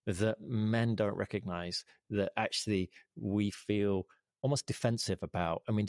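A man with a low, gravelly voice talks through an interview, earnest and fond of rhetorical questions. The sound is close and dry, with no room around it. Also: no echo. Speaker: guest, leadership advocate. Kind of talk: conversational interview.

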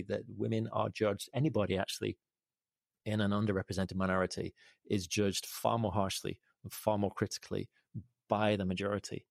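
A man with a low, gravelly voice talks through an interview, earnest and fond of rhetorical questions. The sound is close and dry, with no room around it. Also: darkish tone, no room sound. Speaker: guest, leadership advocate. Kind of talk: conversational interview.

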